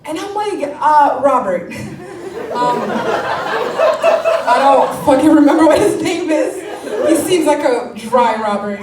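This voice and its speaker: Woman, stand-up comic, fairly high voice, laughing, swearing, mocking, roomy sound, distant mic. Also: takes it slowly, long pauses, over a noisy crowd, very noisy. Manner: animated, laughing often, swearing, mock-quoting people. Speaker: stand-up comedian. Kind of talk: stand-up comedy set.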